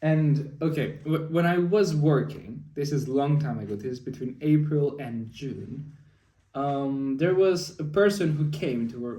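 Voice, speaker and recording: A man's voice: medium pitch, darkish tone, distant mic. A young man telling a long story in a casual spoken diary, rambling with lots of fillers. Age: young adult. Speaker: vlogger. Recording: echoey room, off mic.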